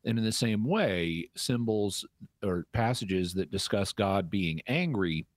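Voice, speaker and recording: A man with a very deep voice answers listener questions on a call-in radio show. He explains things in a measured, teacherly way and sometimes restarts a sentence. The sound is dry and close. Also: no echo.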